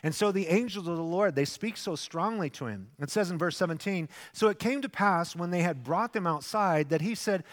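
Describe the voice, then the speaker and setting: A man's voice: high voice, fairly quick, few pauses. A man preaching a sermon as pastor, telling the story animatedly and acting out its voices. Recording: long hall reverb.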